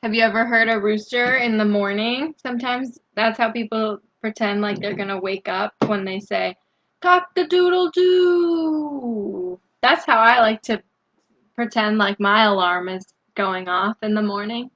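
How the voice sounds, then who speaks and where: A woman reading a picture book aloud to children, gently asking them questions and breaking into loud animal sounds. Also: medium pitch, fairly even intonation, dull audio. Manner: slow, gentle, asks the young listeners questions; bursts into loud animal noises. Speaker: storytime reader.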